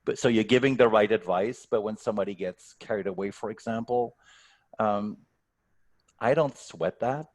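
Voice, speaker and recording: A man's voice: fairly low pitch, normal speed. A man speaking as a guest coach on a video call, answering questions thoughtfully and often repeating words as he starts a sentence. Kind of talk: online workshop Q&A.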